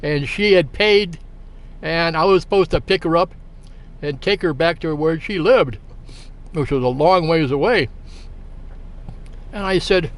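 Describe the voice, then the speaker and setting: A man spins a casual anecdote, wandering and halting, with plenty of uhs and restarts along the way. His voice sits a bit higher than most men's. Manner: rambling and halting, full of fillers and restarts. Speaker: storyteller.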